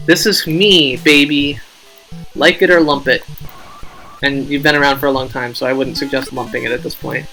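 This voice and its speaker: A man's voice: medium pitch, steady tone, moderate pace, bright, forceful tone, soft background music, low-quality recording. A man hosting a casual game live stream, rambling, joking at his own expense and reading out viewer names.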